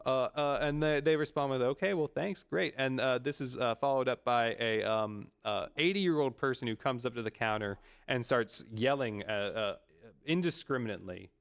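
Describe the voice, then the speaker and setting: Smooth-voiced man rambling with fillers. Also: mid-range voice, normal speed, a bit bright. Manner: rambling, lots of fillers and restarts. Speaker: streamer. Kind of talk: casual chat.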